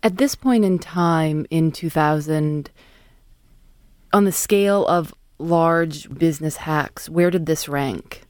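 Deep-voiced woman narrating a podcast. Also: takes it slowly, darkish tone, dry recording, studio quality. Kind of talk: scripted narration and interviewing.

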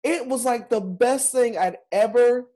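A Broadway performer, a man, talks in a casual chat. He tells his stories with energy and emphasis, his voice swinging high and low. His delivery is loose and lively. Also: a little slow. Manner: animated, emphatic storyteller.

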